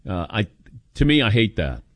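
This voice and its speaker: Animated opinionated radio host man. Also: normal speed, dry recording. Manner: opinionated, animated, jumps in pitch for emphasis. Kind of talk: casual sports talk radio.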